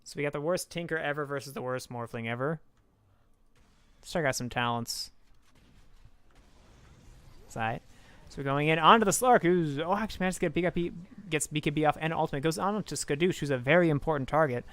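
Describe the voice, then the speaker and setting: A young man casting a video game with excitable, swearing, self-mocking commentary, talking close to his microphone. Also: a little high, a little fast, pauses often, clear, resonant tone. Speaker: game caster. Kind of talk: casual esports commentary.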